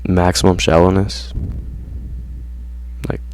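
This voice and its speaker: A man's voice: deep voice, monotone, takes it slowly, darkish tone, slight background noise. A man ranting casually to his viewers in slangy, profane talk, saying "bro" constantly. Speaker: vlogger. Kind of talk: casual rant to camera.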